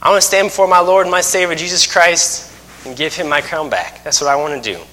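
A man's voice: fairly high pitch, fast, big-room sound. A man in his thirties preaching a sermon, telling stories and acting out scenes with humor. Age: 30s. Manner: lively storytelling, acts out scenes with humor.

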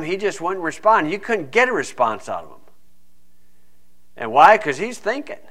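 A man's voice: fairly high pitch, a bit bright. A man preaching a folksy, conversational sermon full of asides. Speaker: pastor.

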